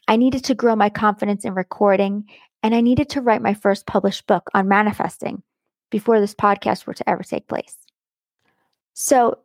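Middle-aged woman, podcast host, warm and effusive, slight vocal fry, dry close mic. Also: mid-range voice, no echo. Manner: enthusiastic and affectionate, stretching words for emphasis. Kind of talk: warm motivational podcast monologue.

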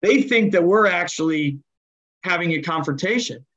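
A man, a hockey coach and general manager, telling stories as a guest in an interview and lively acting out the people in them. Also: sits high, normal speed, dull audio. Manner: animated, acts out voices while telling stories. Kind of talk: conversational interview storytelling.

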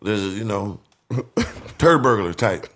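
A man co-hosting a podcast, telling stories in an animated, slangy, profane way. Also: lowish voice, slow. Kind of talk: casual chat, storytelling.

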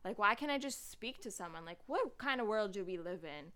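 Bright-voiced chatty young woman. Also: mid-range voice, animated, brisk. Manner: chatty, lots of "like" fillers, laughs often. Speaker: podcast host. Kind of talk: casual chat.

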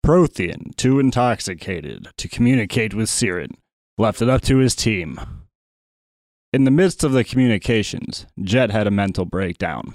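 A man's voice: medium pitch, darkish tone, dry recording. A man on a tabletop game podcast, dryly recapping the last session. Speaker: player.

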